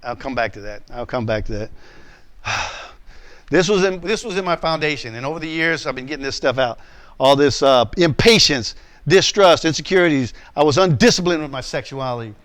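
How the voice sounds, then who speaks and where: A man's voice: a little high, lively intonation, a little fast, a bit bright. A male pastor preaching a sermon, telling a personal story with acted voices and frequent restarts.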